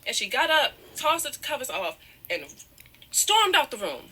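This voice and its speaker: A woman's voice: high voice, huge pitch swings, normal speed, a crowd in the background. A woman telling a painful personal story, close to tears, apologizing often and circling back with "however". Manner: apologetic, repeats "however", digresses. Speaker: guest telling her side of a breakup.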